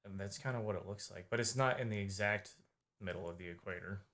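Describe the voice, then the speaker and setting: A man's voice: lowish voice, fast, a bit bright. A man co-hosting a casual video-reaction chat, rambling and hesitant, often trailing off mid-thought.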